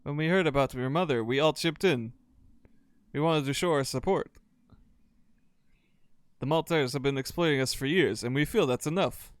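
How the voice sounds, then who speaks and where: A man's voice: a little high, normal speed, long pauses, clear, resonant tone, no room sound, close to an everyday voice. A man voicing a friendly, earnest male sawmill worker who rallies people to his side.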